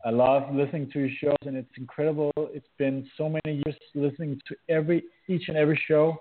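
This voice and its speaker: A man with a Danish accent, a podcast guest in a relaxed, effusive casual chat, often pausing on filler words. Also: fairly high pitch. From Denmark. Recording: phone-like narrow line.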